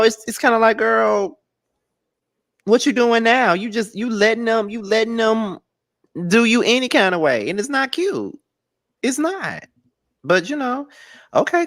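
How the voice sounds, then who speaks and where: A podcast co-host recapping a reality show in casual, animated chat, dropping low for the recap and jumping high when worked up.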